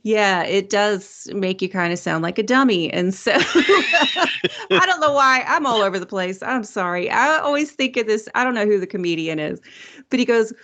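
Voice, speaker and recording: A woman with a Southern US accent talks casually on a podcast. She rambles and laughs often. Her mid-pitched voice has a gravelly fry. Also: expressive, moderate pace, fairly bright tone. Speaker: podcast co-host. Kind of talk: casual chat.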